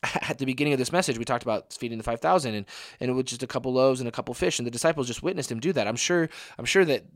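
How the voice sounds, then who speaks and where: A man's voice: medium pitch, very fast, no echo. Man preaching casually, dry close sound. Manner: conversational, many "like" fillers. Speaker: young adult ministry speaker. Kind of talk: casual sermon.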